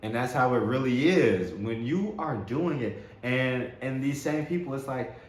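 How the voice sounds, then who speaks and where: A man's voice: mid-range voice, lively intonation, a little slow. A man hosting a spiritual self-help talk, speaking with enthusiasm, repeating words and laughing often. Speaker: host. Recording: roomy echo with faint background noise.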